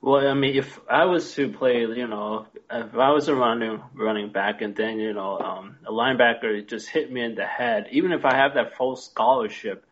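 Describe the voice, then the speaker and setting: A man's voice: mid-range voice, moderate pace, few pauses. A man co-hosting a casual discussion, hesitant and full of "you know". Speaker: podcast co-host. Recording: dull lo-fi recording.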